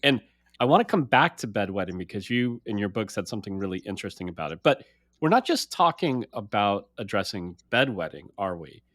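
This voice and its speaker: Low-voiced male podcast host. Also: sing-song, fairly quick, a bit bright, no room sound, clean studio sound. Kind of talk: interview questions.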